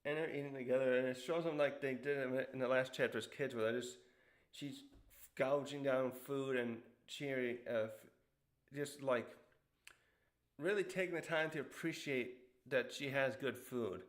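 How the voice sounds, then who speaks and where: A young man talks through a comic chapter in a loose, rambling way, full of ums and restarts. He voices the characters' quotes by pushing his pitch up, then drops back to an ordinary, middle-pitched speaking voice. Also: moderate pace. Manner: rambling, many fillers, acts out quotes in a higher voice. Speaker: manga reviewer. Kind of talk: casual recap commentary.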